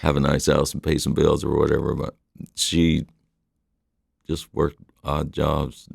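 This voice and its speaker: A middle-aged musician talks slowly in a deep, gravelly voice, rambling and laid-back with plenty of "you know." His accent is mixed and hard to place. Guitar is heard clearly behind him. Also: flat delivery, no echo, clean studio sound. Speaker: musician guest. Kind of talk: casual interview chat.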